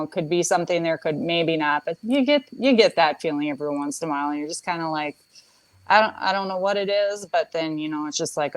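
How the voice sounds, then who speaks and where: A slightly low-pitched woman chatting about staging homes for sale. She talks hesitantly, with restarts and fillers. She is heard over a phone on a video call. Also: no echo, poor audio. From Minnesota. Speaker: home stager and photographer. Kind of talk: casual live chat.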